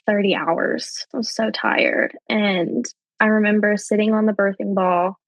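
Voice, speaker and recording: Chatty young woman, dry close sound. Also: dry recording. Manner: chatty, heavy with fillers like um and you know; jumps higher when quoting people. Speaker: podcast guest. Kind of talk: casual personal storytelling.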